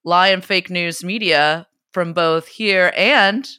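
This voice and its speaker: Bright playful woman podcast co-host. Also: on the low side, slow, clear, resonant tone, dry recording, clean studio sound. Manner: playful, teasing, giggly banter. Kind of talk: casual chat.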